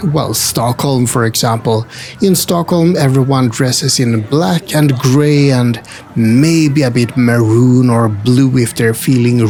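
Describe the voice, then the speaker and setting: Slow-talking gravelly man. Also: mid-range voice, slight background noise. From Sweden. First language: Swedish. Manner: chatty, wry asides and gentle jokes. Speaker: travel vlogger and host. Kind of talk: casual walking-tour narration. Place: indoor multi-floor retro game store.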